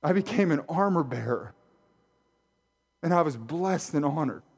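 A middle-aged man preaching a sermon as pastor, animated and jokey, talking straight to his congregation in a church. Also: fairly high pitch, normal speed, gravelly, breathy edge. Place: church sanctuary.

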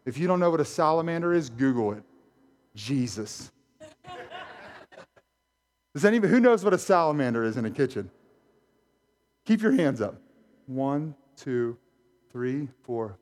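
A middle-aged man preaching a sermon as pastor, animated and jokey, talking straight to his congregation in a church. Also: medium pitch, moderate pace, long pauses. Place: church sanctuary.

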